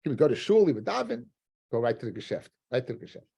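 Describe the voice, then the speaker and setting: Husky-voiced man teaching Talmud. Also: medium pitch, fast talker. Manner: animated, conversational, with Hebrew and Yiddish terms. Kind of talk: Talmud lesson with storytelling.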